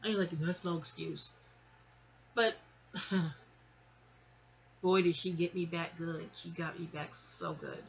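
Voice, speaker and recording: A woman's voice: on the low side, slow pace, gravelly, long pauses. A woman, telling a casual, rambling family story. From New York City. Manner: chatty, animated, digressive.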